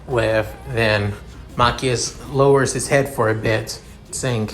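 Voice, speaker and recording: Slow, halting man reading a story. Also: medium pitch, fairly even intonation, faint music behind. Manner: slow, halting, repeated connectives. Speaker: fan fiction narrator.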